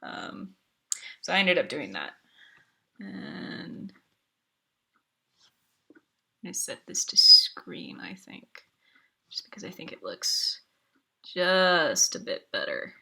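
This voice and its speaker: Woman, live-stream artist, casual chat while drawing, slow and hesitant, bright tone. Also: fairly low pitch, big pitch swings, creaky. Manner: thinking aloud, hesitant with fillers.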